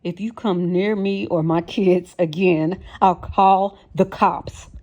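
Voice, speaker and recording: A woman's voice: mid-range voice, moderate pace, lo-fi sound, lightly acted. Brief: woman narrator doing a scared, pleading heroine turning defiant, audiobook. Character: frightened young woman standing up to abuser.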